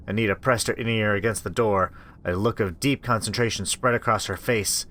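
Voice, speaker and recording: A let's play host with a lowish voice speaks a little fast into a desktop microphone, reading a horror visual novel aloud. He's expressive, reacting out loud, joking between lines, and swearing.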